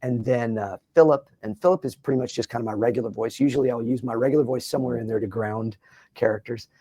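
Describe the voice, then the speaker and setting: A middle-aged man, a voice actor in an interview, talking in a lively way and dropping into quick character voices. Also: medium pitch, no room sound. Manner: lively, slips into character voices mid-sentence. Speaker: voice actor guest. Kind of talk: animated interview talk with quick voice impressions. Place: Los Angeles, doing press.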